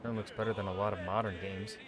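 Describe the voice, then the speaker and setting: A man's voice: lowish voice, little pitch movement, fast talker. A man streaming a video game, chatting casually to himself and viewers, swearing freely and cracking jokes. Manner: profane, joking, talks to himself. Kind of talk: casual gameplay commentary.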